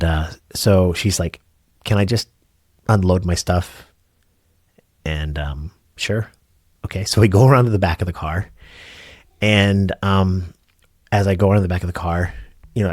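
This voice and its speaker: A middle-aged man with a deep, low voice talks earnestly to camera about lessons from his work as a driver. He rambles along with fillers and restarts. The sound is dry and close, with no room around it. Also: moderate pace, a little mellow, no echo. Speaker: rideshare driver and channel host. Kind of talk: casual reflective talk to camera.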